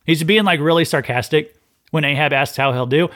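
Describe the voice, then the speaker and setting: Animated man teaching scripture on a podcast. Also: fairly high pitch, brisk. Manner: animated storytelling, acts out scenes, repeats words when he starts a phrase. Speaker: podcast host and Bible teacher. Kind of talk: conversational Bible teaching podcast.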